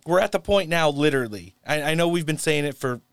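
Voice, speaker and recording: A man's voice: on the high side, lively intonation, clean tone, no echo. A man hosting a political podcast, chatting and reading his sign-off and sponsor spots. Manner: brisk sign-off with ad reads. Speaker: podcast host. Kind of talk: casual political podcast chat.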